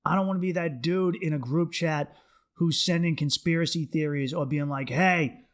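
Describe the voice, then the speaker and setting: A young man with a fairly high voice hosts his podcast at a normal speed, telling stories in a loose, rambling, profane casual monologue.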